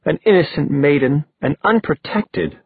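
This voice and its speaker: A man's voice: a little high, very animated, moderate pace, creaky, husky, dry recording, voice pushed up, full character voice. A man voicing a bold, playful young woman. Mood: playful, theatrical. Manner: playful, theatrical. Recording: dry, phone-like thin sound.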